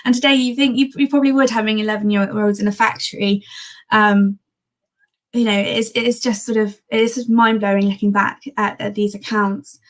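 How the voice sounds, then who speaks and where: A woman's voice: medium pitch, flat delivery, a little fast. A woman presenting a history talk on old newspaper archives in a chatty, enthusiastic way, with frequent ums and restarts. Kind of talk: live-streamed history talk.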